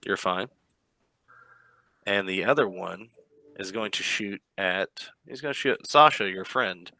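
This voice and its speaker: A man with a low, bright voice narrates as game master, laying out scenes in an easygoing, descriptive manner. The sound is dry and close to the mic, as on an online call. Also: measured pace, dry recording. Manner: relaxed, descriptive, sometimes hesitant.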